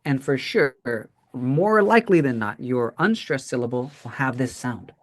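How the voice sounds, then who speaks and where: A man's voice: mid-range voice, lively intonation, unhurried. A man teaching an English pronunciation class, explaining patiently and checking in often with "right?".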